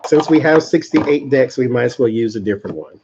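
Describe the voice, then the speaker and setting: A man's voice: mid-range voice, animated, a little fast, vocal fry, highs cut off, noisy background. A man hosting a casual live-stream tarot reading, chatting with viewers and laughing often. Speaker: tarot reader and channel host.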